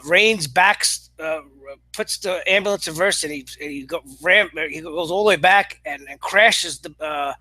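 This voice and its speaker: A man reviewing a show in a casual monologue, exasperated and sarcastic, halting with frequent restarts and fillers. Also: fairly high pitch, sharp tone, dry recording. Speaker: wrestling commentator.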